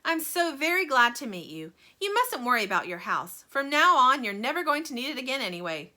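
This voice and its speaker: A woman's voice: high voice, very animated, bright, forceful tone, voice pushed up, full character voice. Woman putting on a zany chocolate-maker man. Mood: cheery. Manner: brisk, cheerful, exclaiming. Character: eccentric excitable male chocolate maker.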